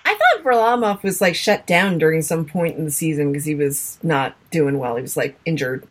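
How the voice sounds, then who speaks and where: A woman's voice: deep voice, moderate pace. A woman co-hosting a casual sports podcast, chatty and self-deprecating, fussy about how names are pronounced. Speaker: podcast co-host.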